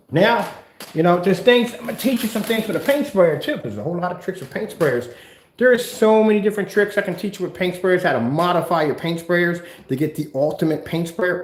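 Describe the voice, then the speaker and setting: A man hosting a casual DIY vlog. His voice is fairly high, and his delivery is chatty and rambling. The room is echoey. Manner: rambling, chatty, self-correcting. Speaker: maker of projection screen paint. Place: indoors at home. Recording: roomy echo, faint noise.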